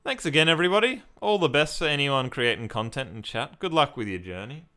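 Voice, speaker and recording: Bright, clear-voiced Australian man. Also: mid-range voice, animated, fairly quick. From Victoria, Australia. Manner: chatty, reads and answers chat comments. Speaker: streamer. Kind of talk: casual live-stream chat with viewers.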